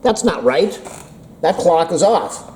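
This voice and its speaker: A man's voice: on the high side, expressive, slow, a little mellow, slight background noise, poor audio. A man vlogging about a phone update, rambling and self-deprecating as if talking to himself, recorded on a camera mic from across an indoor room. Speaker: tech vlogger. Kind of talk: rambling casual talk to camera.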